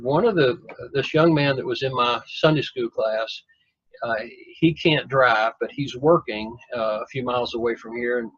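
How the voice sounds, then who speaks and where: Give me a folksy man telling a rambling story, husky and a bit muffled. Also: medium pitch, fairly bright tone, no room sound. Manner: rambling, folksy, self-deprecating humor. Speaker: guest telling his story. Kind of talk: casual storytelling. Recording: dull lo-fi dry recording.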